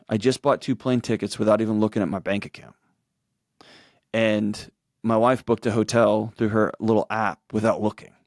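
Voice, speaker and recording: A man's voice: on the low side, darkish tone, dry recording, clean studio sound. A man in his forties with a drawl, a guest telling personal stories earnestly in an interview and acting out what others said. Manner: earnest storytelling, acts out quotes in shifting voices. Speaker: guest, author and show host. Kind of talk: candid conversational interview talk.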